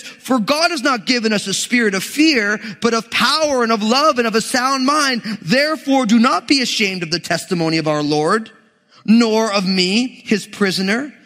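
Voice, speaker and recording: Male pastor in his thirties, very high bright voice, energetic joking sermon, long hall reverb. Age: 30s. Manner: energetic, joking, emphatic preaching.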